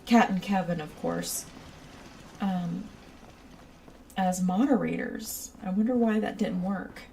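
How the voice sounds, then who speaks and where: Slow, mellow-voiced woman streamer. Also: lowish voice, fairly even intonation, gravelly, far from the mic, slight background noise. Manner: rambling, giggly, chats with viewers. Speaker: game streamer. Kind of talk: casual chat while playing a building game.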